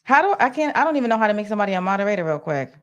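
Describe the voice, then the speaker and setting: A woman's voice: mid-range voice, big pitch swings, racing, a bit bright, highs cut off. A woman hosting a livestream, retelling things in a casual, rambling way with lots of fillers. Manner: flustered while managing chat. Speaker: livestream host.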